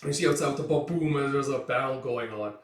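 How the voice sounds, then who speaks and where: A man's voice: mid-range voice, fast, reverberant, recorded from a distance. A man casually recapping a comic book page by page, rambling with lots of filler words. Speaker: comic reviewer. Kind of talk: casual comic read-through commentary.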